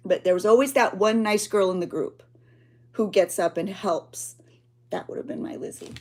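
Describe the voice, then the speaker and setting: A middle-aged woman hosting a journaling livestream, chatting emotionally and rambling as she talks to her viewers. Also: mid-range voice. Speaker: journaling channel host.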